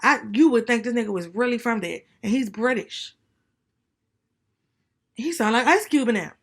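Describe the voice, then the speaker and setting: A woman's voice: fairly high pitch, animated, moderate pace, fairly bright tone. A young woman co-hosting a casual podcast, chatty and slangy, with rambling side notes. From DMV area, US. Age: young adult. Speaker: podcast co-host. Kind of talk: casual chat.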